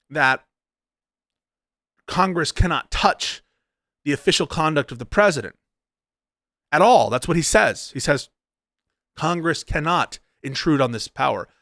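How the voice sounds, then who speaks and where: A man's voice: a little high, fairly bright tone, no echo. Emphatic man arguing in a dry recording. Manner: argumentative, emphatic, frequent "right?" and restarts. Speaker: political commentary streamer. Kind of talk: casual political commentary.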